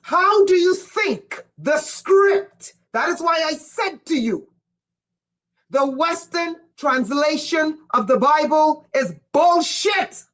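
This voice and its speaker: A woman giving an impassioned livestream monologue, emphatic and profane, with sudden bursts of shouting. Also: high voice, expressive, slow, low-quality recording. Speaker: livestream speaker.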